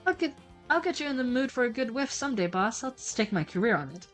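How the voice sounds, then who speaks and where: A woman's voice: fairly high pitch, big pitch swings, fast, faint music behind. A woman voicing a cheeky young cop. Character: young male police officer, cheeky and playful. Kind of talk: reading a video game aloud.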